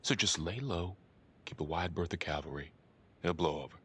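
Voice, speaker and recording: An actor playing a soft-spoken, reassuring detective colleague in a video game. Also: male voice, low voice, moderate pace, husky.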